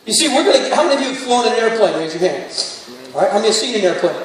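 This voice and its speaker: A man's voice: high voice, sing-song, racing. A man preaching a sermon, telling stories and then rising into fervent exhortation. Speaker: pastor. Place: large church sanctuary. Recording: distant echoey hall, faint room noise.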